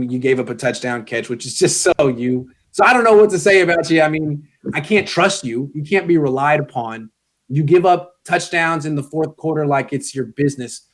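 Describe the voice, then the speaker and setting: A man with a fairly high voice chats on a sports podcast. He talks to players as if they sat across from him, blunt and sarcastic as he hands out grades. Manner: blunt, sarcastic, grading players as if addressing them. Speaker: guest sports commentator. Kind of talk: casual podcast chat.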